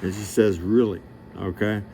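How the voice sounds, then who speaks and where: A man's voice: lowish voice, steady tone, unhurried, darkish tone, a little hiss or hum. A middle-aged man in a rambling monologue, talking in a profane, boastful, streetwise way and losing track of his story. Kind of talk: rambling direct-to-camera monologue.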